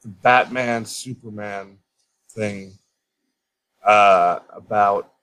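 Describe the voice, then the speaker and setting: A man's voice: on the low side, fairly even intonation, very slow, fairly bright tone, clear, resonant tone, low-quality recording. A man on a casual podcast, dry and dismissive, swearing casually as he talks. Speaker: podcast co-host or guest.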